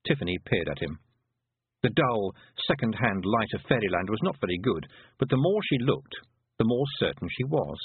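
A man narrating a fantasy storybook with an expressive, varied delivery. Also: on the low side, moderate pace, slightly rough, no echo. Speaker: audiobook narrator. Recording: tinny phone-like dry recording.

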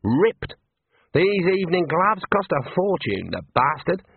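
A man's voice: medium pitch, steady tone, unhurried, close to an everyday voice. A man voicing a brash, hot-tempered woman in an evening dress who swears and picks fights, over a tinny, phone-like recording. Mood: outraged. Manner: loud, scrappy, foul-mouthed.

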